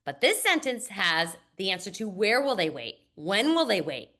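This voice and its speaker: A woman's voice: mid-range voice, very animated, normal speed, sharp tone. A woman literacy instructor walking teachers through a reading lesson, modeling classroom routines. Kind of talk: teacher training demonstration.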